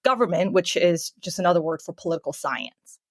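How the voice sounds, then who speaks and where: A woman's voice: fairly low pitch, fairly quick, dry recording. Young woman, podcast guest, chatty with fillers, dry close-miked sound. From Canada. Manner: chatty, many fillers, laughs easily. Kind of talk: casual interview answers.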